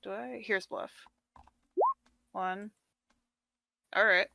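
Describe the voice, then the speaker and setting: A woman's voice: mid-range voice, steady tone, extremely slow, gravelly, noisy background. A woman playing in a tabletop game, chatting cheerfully between turns. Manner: cheerful, laughs often. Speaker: player. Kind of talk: casual tabletop play.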